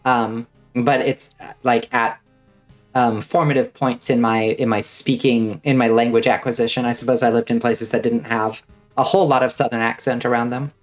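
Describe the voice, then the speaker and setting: A woman vtuber streams a game and chats casually with viewers, rambling with lots of fillers and the occasional swear word. Her very deep voice is steady at a normal speed, with faint music in the background.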